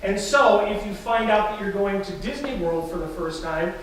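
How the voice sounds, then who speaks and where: Heard from a distant mic in a very echoey church sanctuary, with slight background noise, a man preaches as the pastor. His high voice has lively intonation and normal speed as he tells stories in a conversational way.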